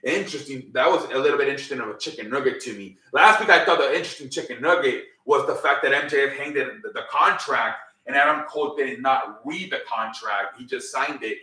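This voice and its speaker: A man's voice: medium pitch, brisk, hardly any pauses, pushed and bright. A man casually recapping a wrestling show, rambling with lots of fillers and swearing freely. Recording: roomy, mic at a distance.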